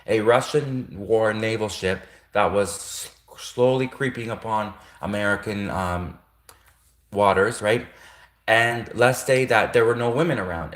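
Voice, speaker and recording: A man with a lowish voice rants on a casual livestream. He rambles and circles back on his own points, correcting himself midway and chuckling. The sound carries the echo of a bare room. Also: fairly bright tone. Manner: rambling, repetitive, with frequent self-corrections and chuckles. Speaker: livestream host.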